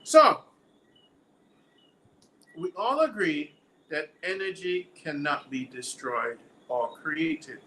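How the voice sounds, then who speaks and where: A man's voice: a little high, pushed and bright, a little hiss or hum, rough recording. A man with a Jamaican accent hosting a live stream, reading viewer comments aloud, laughing often and quizzing his viewers like a teacher. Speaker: livestream host.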